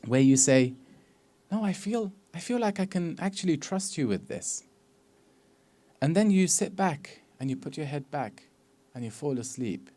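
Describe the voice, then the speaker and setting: A man giving a religious sermon, telling stories and acting out dialogue, quoting Arabic, moving between soft passages and loud emphatic ones. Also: mid-range voice. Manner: storytelling lecture with acted dialogue and Arabic quotes. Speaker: Islamic preacher.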